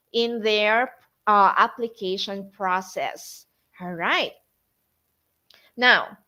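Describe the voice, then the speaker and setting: Slow-paced woman drilling English pronunciation. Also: a little high, a bit bright. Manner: slow, drilling words aloud, addresses listeners as teachers, frequent okay. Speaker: tutor trainer. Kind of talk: online webinar lesson on pronunciation.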